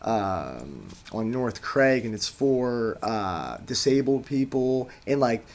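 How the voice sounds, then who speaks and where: A man's voice: medium pitch, very animated, takes it slowly. A man casually telling a rambling story on a chat show, full of fillers, restarts and swearing. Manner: swears casually, laughs a lot. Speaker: co-host.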